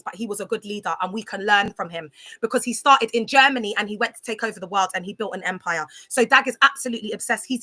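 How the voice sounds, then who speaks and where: Woman, thirties, casual livestream, blunt, fairly high voice, bright and forceful tone. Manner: blunt, animated, repeats herself and addresses viewers by name.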